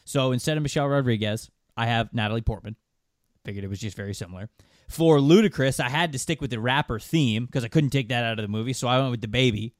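Male podcast host, middle pitch, talkative and explanatory, dry studio mic. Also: fast talker, dry recording. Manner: chatty and explanatory, reads listener questions. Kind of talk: casual podcast chat.

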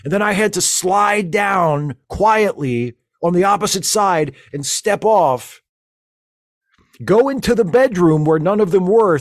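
A man's voice: a little high, no echo, clean studio sound. A man playing a flustered, rambling space-fleet lieutenant who stammers through a comedic audio monologue.

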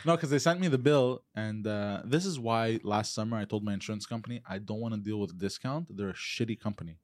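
A man's voice: lowish voice, fairly quick, no room sound, studio quality. A man in casual chat, retelling a story with lots of swearing and quoted back-and-forth.

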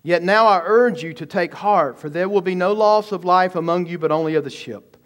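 A man delivers an expository sermon in a fairly high voice. He is emphatic and asks his listeners rhetorical questions. He shifts between slow, weighty phrases and quicker stretches. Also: a bit bright. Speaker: pastor.

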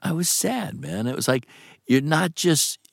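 Animated male guest, wide-ranging pitch, dry close sound, rambling and profane. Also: unhurried, gravelly, no room sound. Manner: animated, rambling, swears, laughs often. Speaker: actor guest. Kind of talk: interview storytelling.

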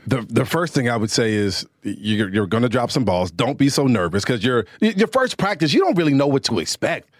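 A man's voice: mid-range voice, big pitch swings, fairly quick, hardly any pauses, no echo, studio quality. A man co-hosting a sports chat, a former player, talking emphatically and often repeating himself. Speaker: co-host, former football player.

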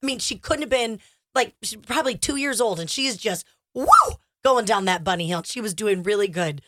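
A woman co-hosting a radio talk show, chatting and telling stories in an animated way. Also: mid-range voice, fairly quick. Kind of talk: casual radio chat.

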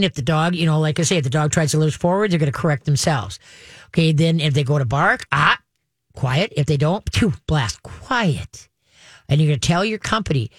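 A woman's voice: low-pitched, no room sound, clean studio sound. Chatty woman giving dog training advice. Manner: chatty, repeats "okay", acts out dogs and owners. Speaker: dog trainer, radio show host. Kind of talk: call-in advice show talk.

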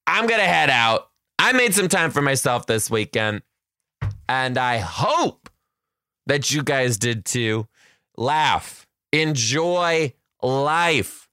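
Man, podcast host, chatty and playful, bright tense tone, dry booth. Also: mid-range voice, clear, resonant tone, no room sound. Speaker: podcast host and kindergarten teacher. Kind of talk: casual solo podcast chat.

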